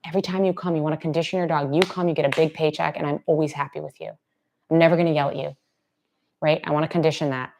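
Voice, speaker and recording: A woman with a notably low voice explains dog training in a relaxed, chatty way during a live Q&A. Now and then she softens almost to a whisper to model gentle praise. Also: fast talker, gravelly, a little hiss or hum. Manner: conversational, drops to soft near-whispers to demonstrate praise. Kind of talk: casual live Q&A teaching.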